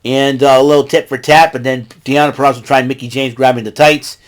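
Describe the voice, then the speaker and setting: A man's voice: medium pitch, steady tone, brisk. Rambling man doing a casual recap. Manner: rambling, acts out quotes in raised voices. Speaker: podcast host recapping wrestling.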